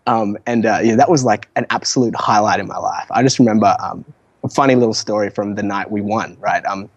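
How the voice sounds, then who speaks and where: A man's voice: on the low side, a little fast, no echo, dull audio. A young man, an entrepreneur guest on an interview show, telling stories casually with lots of fillers, restarts and laughs. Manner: animated, laughs often, many fillers and restarts.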